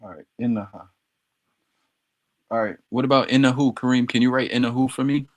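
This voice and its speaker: On a casual livestream, a man with a mid-range voice practices Arabic words, repeating them again and again in a playful, slangy way. He talks fairly quickly and is a streamer learning the language.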